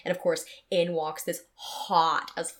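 A young woman telling frank stories in casual podcast chat, animated and quick, often breaking into laughter. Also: fairly low pitch. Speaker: guest storyteller.

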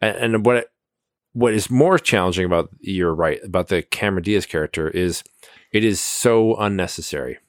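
Deep-voiced agreeable podcast co-host. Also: male voice, normal speed, no echo, studio quality. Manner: agreeable, chimes in with frequent yeses. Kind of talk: casual movie review chat.

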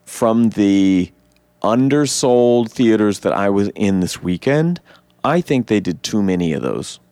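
A man co-hosting a casual podcast, retelling a film scene by scene with lively acted-out quotes and frequent swearing. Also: unhurried, dry recording. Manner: animated retelling, acts out quotes in high voices; swears freely. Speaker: podcast co-host. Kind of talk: casual movie breakdown chat.

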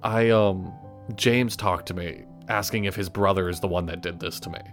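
A man's voice: sits low, steady tone, moderate pace, a bit bright, faint music behind. A man playing a tabletop role-playing game, talking casually and swearing now and then. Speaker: player.

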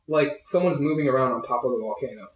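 A young man running a tabletop game as game master, narrating in a halting way full of fillers and laughing often. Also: mid-range voice. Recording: echoey room.

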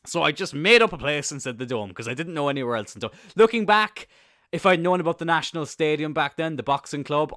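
Young Irish man, casual rambling storytelling, sweary, excitable, mid pitch, dry sound. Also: dry recording. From Ireland. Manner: rambling, swears freely, bursts into excited laughter. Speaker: podcast host.

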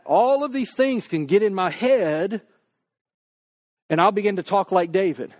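Pastor, male, high voice, casual preaching manner that slows right down for quoted prayers. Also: lively intonation, a little mellow. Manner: conversational preaching, acts out quoted prayers slowly. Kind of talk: sermon.

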